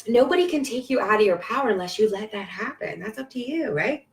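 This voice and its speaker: A woman's voice: medium pitch, animated, normal speed, faint music behind. Emphatic woman coaching from a distance. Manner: emphatic and repetitive, with bursts of cheering and swearing. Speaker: spiritual life coach on a live video. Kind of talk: casual live-stream pep talk. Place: at home, on a live stream. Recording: roomy echo from a distance.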